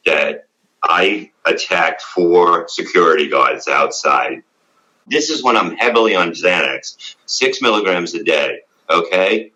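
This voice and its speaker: A man's voice: deep voice, pushed and bright, low-quality recording. Blunt, profane man telling stories. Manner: blunt, profane, rambling storytelling. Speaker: interview guest, former radio show staff. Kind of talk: casual interview.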